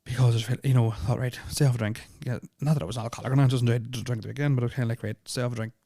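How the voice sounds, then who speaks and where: A man's voice: medium pitch, steady tone, racing, dark tone, dry recording, studio quality. A young man, telling a personal story on a podcast in a rambling, nervous way, full of fillers and swearing. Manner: nervous, uneasy retelling. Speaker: podcast host. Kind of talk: casual storytelling of personal experiences.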